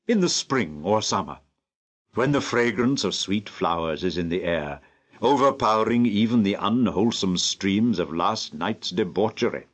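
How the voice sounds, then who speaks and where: Deep-voiced older man reading a classic novel. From England. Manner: slow, deliberate, lively phrasing. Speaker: audiobook narrator. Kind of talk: measured classic novel narration.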